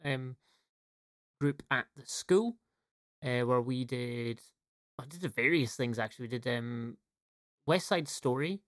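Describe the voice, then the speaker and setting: A man from the Isle of Lewis co-hosting a podcast in casual chat, relaxed and often laughing. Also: medium pitch, unhurried, pauses often, no echo, studio quality. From Isle of Lewis, Scotland. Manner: laid-back, laughing, trailing off. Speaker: podcast co-host, teacher.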